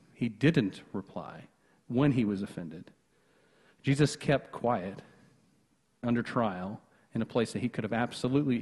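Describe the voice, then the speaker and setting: A husky-voiced male pastor preaching in a conversational way, full of asides and false starts. His voice rings out with a long church reverb around it, and he speaks at an ordinary middle pitch. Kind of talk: sermon. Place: church sanctuary.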